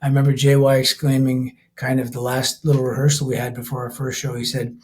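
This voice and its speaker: Talking fast in a flat, slightly mellow mid-range voice, the older Canadian musician who sings and plays keys in a rock band rambles through a casual podcast interview. He frequently starts over and laughs easily.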